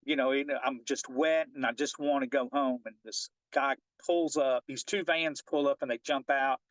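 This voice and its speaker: A middle-aged fishing guide telling a personal story in an interview, animated and often checking in with "right?". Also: male voice, mid-range voice, moderate pace, no room sound, poor audio. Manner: animated storyteller who keeps asking "right?".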